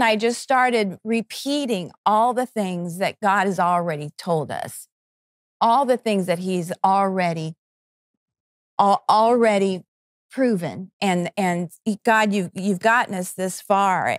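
A woman's voice: mid-range voice, no echo, clean studio sound. Fervent woman sharing a faith testimony. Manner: earnest, fervent, halting with restarts and quoted prayers. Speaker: network co-founder. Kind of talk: emotional personal testimony. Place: television studio.

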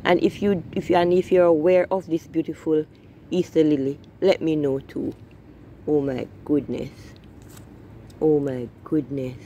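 A woman's voice: deep voice, steady tone, unhurried, mellow, dull audio, a little hiss or hum. A woman vlogging outdoors in her garden on a handheld phone, exclaiming with delight as she shows her viewers around. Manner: effusive, keeps calling out "my people" and exclaiming. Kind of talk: casual vlog, filming and narrating a garden tour. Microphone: phone camera held while walking.

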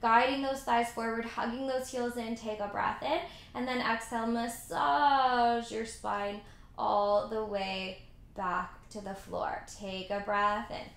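A woman's voice: fairly high pitch, fairly even intonation, slow pace, vocal fry, echoey room. Upbeat woman leading a pilates class. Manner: encouraging, counts reps aloud, chatty asides. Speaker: pilates instructor. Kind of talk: guided workout instruction.

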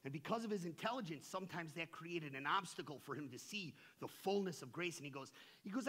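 A middle-aged male pastor preaches in a church with a bright, forceful tone and a slightly husky edge. His pitch sits somewhat high for a man. He talks like someone on the street, full of slang, and swings from near-whispers to loud passion. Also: lively intonation, fairly quick. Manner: impassioned, swings from hushed to shouting. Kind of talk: sermon. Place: church sanctuary.

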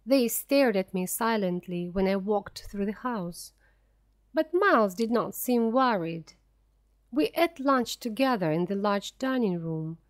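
A woman reads a simplified story aloud in a slow, deliberate way. Her pitch sits in the middle, and every word is spoken clearly. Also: animated. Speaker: audiobook reader.

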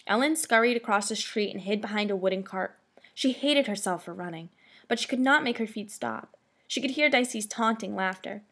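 A woman reading a children's chapter book aloud as narrator, in a steady, expressive way. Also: medium pitch, normal speed. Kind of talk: storybook read-aloud.

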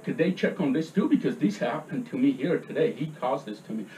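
A man's voice: mid-range voice, expressive, a little fast, mellow, slight background noise. Agitated man, echoey and far off. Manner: agitated, repeats "okay?" to press each point. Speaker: resident speaking at a public meeting. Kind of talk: heated public comment.

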